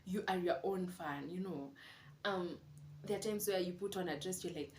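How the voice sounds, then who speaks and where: A woman's voice: lowish voice, normal speed, darkish tone. A young woman speaks candidly to her camera, confiding and reflective. Her voice rings in an echoey room at home, with a faint hum of background noise. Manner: candid, confiding, mixes in Swahili words. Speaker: vlogger. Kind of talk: casual reflective monologue.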